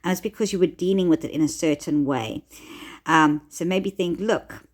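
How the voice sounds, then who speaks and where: A woman giving conversational self-help advice, gently encouraging, with frequent filler words. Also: fairly low pitch, normal speed.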